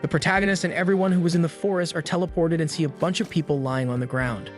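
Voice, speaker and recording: A man's voice: a little high, steady tone, fast, soft background music. Casual man narrating a comic recap. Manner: casual retelling.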